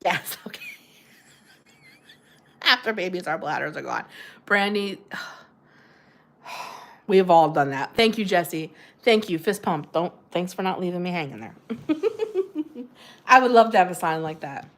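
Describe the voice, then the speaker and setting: Lively giggly middle-aged woman host. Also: on the low side, a little slow, long pauses. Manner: chatty, giggly, answers chat comments aloud. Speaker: livestream host. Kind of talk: casual livestream chat with viewers.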